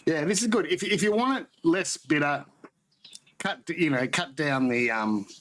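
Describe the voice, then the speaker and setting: A man's voice: a little high, expressive, measured pace, fairly bright tone, slight background noise, rough recording. Rambling man hosting a live chat. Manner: rambling, self-correcting, tasting beer on stream. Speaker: homebrewing livestream host.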